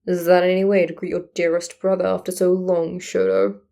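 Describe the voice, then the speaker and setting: A woman voicing a mocking, gravelly young male fire villain in a read-aloud story. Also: on the low side, flat delivery, brisk, mellow. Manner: mocking, nonchalant.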